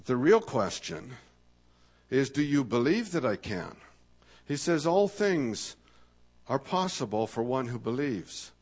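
A man preaching a sermon in a thoughtful, searching way, slowing down to stress key words and asking rhetorical questions. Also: medium pitch, very animated, darkish tone. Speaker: pastor.

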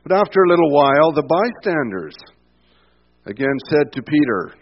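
A man's voice: fairly high pitch, very animated, normal speed, muffled recording. A man preaching a sermon in a conversational way, stepping from scripture into personal asides. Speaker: pastor.

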